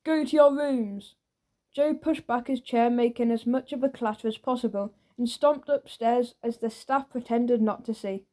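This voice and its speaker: A woman narrates a children's audiobook with playful energy. Her voice is mellow and sits a little high. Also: normal speed, few pauses. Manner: lively, playful storytelling.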